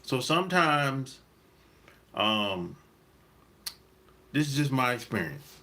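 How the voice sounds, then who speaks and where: Guy rambling on about people, laid back, repeats himself a lot, bright sharp voice. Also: medium pitch, slow. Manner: relaxed, rambling, repeats himself, laughs often. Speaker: dating advice host. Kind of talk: casual monologue.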